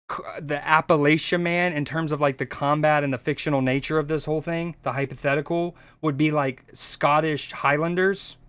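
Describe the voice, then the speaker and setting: A man's voice: on the high side, a bit bright, clear, resonant tone, no room sound. A man from the United States streaming, reacting in rambling, profane casual chat. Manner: rambling, profane, restarts often.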